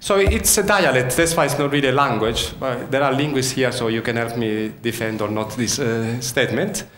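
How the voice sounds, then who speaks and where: A university lecturer from Sicily, Italy, speaks with an Italian accent in a mid-range, fairly bright voice at normal speed. He gives an interactive keynote in a lecture hall, quizzing the audience and often restarting sentences. The recording is echoey, with a little hiss or hum.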